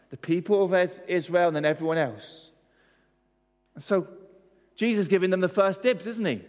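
A man's voice: on the high side, normal speed, a little mellow. A man preaching a sermon, pressing his points with rhetorical questions and repetition. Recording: long hall reverb.

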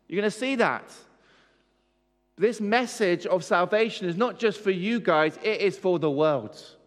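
With rhetorical questions and emphatic repetition, a preacher drives home every point at a measured pace. His fairly high voice carries through a long hall reverb.

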